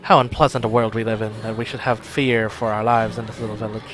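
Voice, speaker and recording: A man's voice: fairly low pitch, little pitch movement, quick pace, a bit bright, lightly acted. A man voicing an uneasy village mother fretting about a knock at night. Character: worried village mother, fretful.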